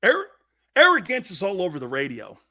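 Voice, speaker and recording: A man's voice: high voice, huge pitch swings, a little fast, sharp tone. A man hosting a sports talk show in a blunt, profane, mocking monologue, laughing often.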